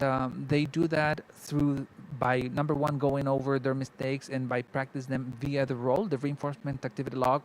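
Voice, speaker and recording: A man's voice: mid-range voice, slight background noise, rough recording. A man, an English teacher, explaining a pronunciation teaching method in an interview, thoughtful and restarting often as he models words.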